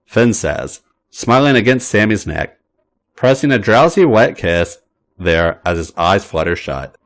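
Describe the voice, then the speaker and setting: Animated male story narrator. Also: lowish voice, unhurried. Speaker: podcast narrator. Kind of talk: read-aloud story narration.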